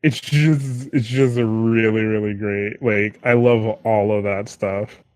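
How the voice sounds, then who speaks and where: A man's voice: fairly low pitch, steady tone, slow, a little mellow, no echo. A man co-hosting a casual podcast chat, rambling and checking in with "right?" a lot. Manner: rambling, lots of fillers and "right?". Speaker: podcast co-host.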